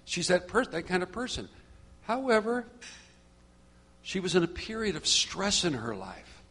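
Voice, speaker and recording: A middle-aged man shares and preaches to a small church group. His voice sits a little high. He talks conversationally, then builds into fervent, repetitive exhortation. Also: huge pitch swings, a little slow, fairly bright tone, breathy edge. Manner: conversational, grows fervent and preachy, repeats phrases. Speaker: group leader.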